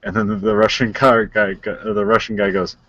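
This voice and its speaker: A man's voice: on the low side, level tone, brisk, fairly bright tone, no room sound, highs cut off. Rambling man chatting, dry close sound. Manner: rambling, heavy on "like" fillers, laughs often. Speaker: podcast co-host. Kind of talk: casual chat.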